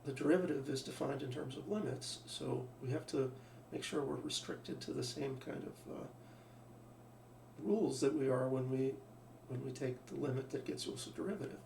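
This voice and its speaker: Thinking aloud through a math lesson, a man restarts phrases and asks rhetorical questions in a lecture. His mid-range voice is creaky and a little mellow, moving at a moderate pace. The mic is distant, giving a roomy sound with a faint hum behind.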